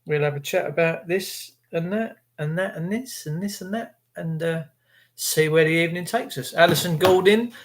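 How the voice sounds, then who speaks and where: A man's voice: a little high, moderate pace. A man hosting a casual live stream, greeting viewers by name in a chatty, cheeky way and slipping into rants. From England. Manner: chatty, cheeky, ranting at times.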